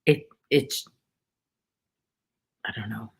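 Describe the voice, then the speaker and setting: A woman talks slowly in a rambling, chatty way while she crochets on a livestream. Her voice sits low. She greets viewers by name from her home. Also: gravelly, husky. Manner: rambling, chatty, reads viewers' names aloud. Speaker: livestream host. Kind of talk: casual chat while crocheting.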